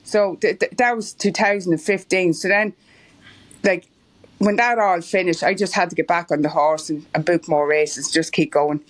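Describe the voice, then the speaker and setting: This Irish marathon runner, a woman in middle age, chats casually as an interview guest, telling meandering stories punctuated by frequent laughter. She speaks at a normal speed in a steady, somewhat low voice.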